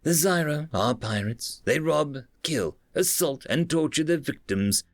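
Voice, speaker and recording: A man's voice: on the high side, lively intonation, measured pace, no echo, studio quality, soft background music, voice pushed up. A man voicing a blunt, commanding starship captain who gives firm, clipped orders in a raised voice.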